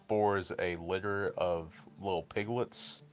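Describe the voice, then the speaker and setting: A man's voice: low-pitched, steady tone, slow pace, soft background music. A man streaming and chatting casually, blunt and crude, rambling through long explanations. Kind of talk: casual chat.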